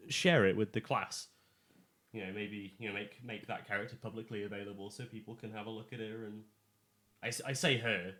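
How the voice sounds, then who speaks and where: A man's voice: lowish voice, fairly bright tone. A man acting as dungeon master in a casual, rambling chat while preparing a tabletop game. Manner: rambling, self-correcting, chatty. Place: home. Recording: echoey room.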